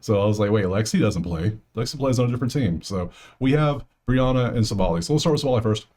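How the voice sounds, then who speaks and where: A man's voice: lowish voice, expressive, quick pace, darkish tone. A man hosting a sports betting video, chatting casually through stats and picks and muttering asides to himself. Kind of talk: casual solo commentary over a spreadsheet.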